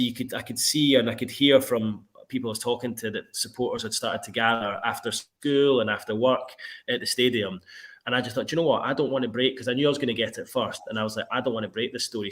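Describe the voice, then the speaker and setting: A man with a voice of ordinary middle pitch talks through a long story in a relaxed conversation. He is a sports reporter, and he acts out his own past words as quotes while he tells it. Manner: animated storytelling, quoting himself. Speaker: football reporter. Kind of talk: casual interview chat.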